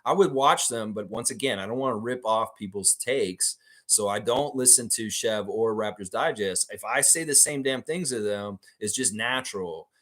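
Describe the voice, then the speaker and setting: A man's voice: lowish voice, normal speed, fairly bright tone. A man hosting a live fan stream, chatting casually, reading viewer comments, and swearing freely with lots of fillers. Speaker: fan show host.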